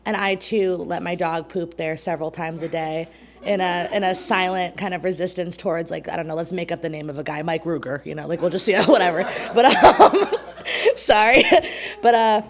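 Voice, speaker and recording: A woman's voice: fairly low pitch, moderate pace. A young woman, a poet and co-host, reading at an open mic in a small community venue. She sounds out of breath and nervous, with chatty laughing asides. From New York State.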